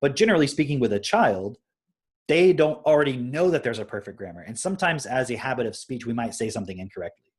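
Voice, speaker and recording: Man, young adult, husky voice, casual live stream talk, anecdotal, conversational. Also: mid-range voice, lively intonation, quick pace. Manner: explains with anecdotes, often asks "right?".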